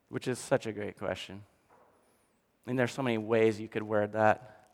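A male pastor preaching a sermon in an animated storytelling way, often dropping to quiet for emphasis. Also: on the low side, moderate pace. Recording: long hall reverb.

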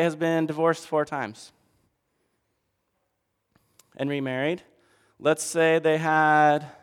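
A man with a high voice preaches a sermon in a hall with a long echo. He slips into characters, going loud and then soft. The delivery is lively and storytelling. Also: clear, resonant tone.

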